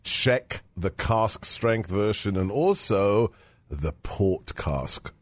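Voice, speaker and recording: A man raised in the UK, telling family stories in casual chat, animated and laughing. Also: on the low side, very slow, dry recording. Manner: animated, laughing, mimics voices in his stories.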